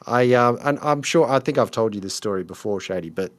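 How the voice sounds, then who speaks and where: A man's voice: medium pitch, expressive, fairly quick, no room sound. A man telling a story in a casual podcast chat, rambling and hesitant. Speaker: podcast co-host.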